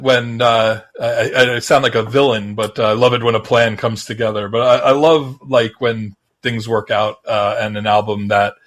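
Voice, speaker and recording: A man co-hosting a music podcast in casual chat, talking in a rambling, halting but enthusiastic way. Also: lowish voice, fairly bright tone. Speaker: podcast co-host.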